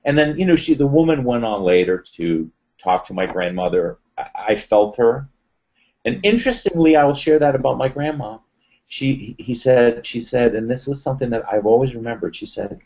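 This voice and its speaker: A man telling a personal story as an interview guest, animated and acting out the voices of others. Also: medium pitch, moderate pace. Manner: animated retelling, acts out quoted voices. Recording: dull lo-fi sound.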